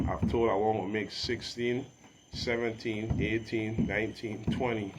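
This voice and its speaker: A man from Saint Thomas with a Virgin Islands accent, talking as an interview guest in a preachy, emphatic way that often rises loud. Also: on the low side, measured pace, very noisy. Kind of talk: casual reasoning talk.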